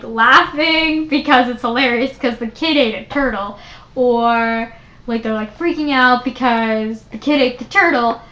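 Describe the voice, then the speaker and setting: A young woman with a fairly high voice talks through a favorite childhood book in a loose, animated vlog style, filling her sentences with "like." Her voice rings a little in a roomy, echoey space. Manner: chatty, many "like" fillers, animated retelling. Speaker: book reviewer. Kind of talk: casual book review vlog. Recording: roomy echo.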